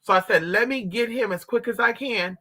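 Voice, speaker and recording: Speaking briskly with a bright, forceful tone, a male livestream host tells his viewers a story full of profanity and drama. He performs the voices of the people and dogs involved, lurching from high squeals down to low mutters.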